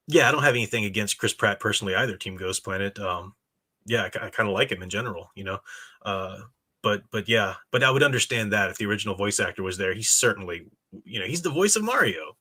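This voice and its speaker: Forceful low-voiced opinionated man. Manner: opinionated and emphatic. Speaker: live-stream show host. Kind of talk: casual live-stream commentary, reading chat.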